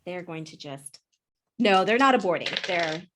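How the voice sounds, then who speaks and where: A woman runs a tabletop game, her voice sitting a little low. She explains the rules in a relaxed, rambling way, circling back and restarting. She narrates scenes in the same easy tone. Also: moderate pace, background noise. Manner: casual, explanatory, with frequent fillers and restarts. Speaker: game master.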